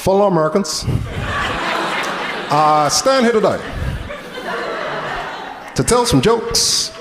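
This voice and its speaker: A pompous former American president , as a man impersonates him, delivers his words in a slow and stately cadence. The voice bounces with lively pitch swings. It sounds like a roomy club hall with a noisy background. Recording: echoey club hall with noise.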